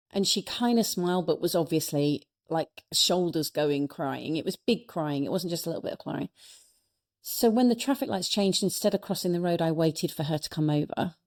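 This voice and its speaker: A woman's voice: low voice, darkish tone. A woman, a speaker and coach, telling personal stories in an earnest, reflective way as an interview guest. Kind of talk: reflective conversational storytelling.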